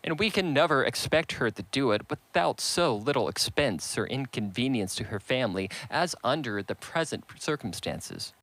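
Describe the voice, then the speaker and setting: A man's voice: medium pitch, lively intonation, moderate pace, few pauses, fairly bright tone, no room sound, poor audio. A man reading the part of a dry, teasing middle-aged father in an audiobook, in a wry way.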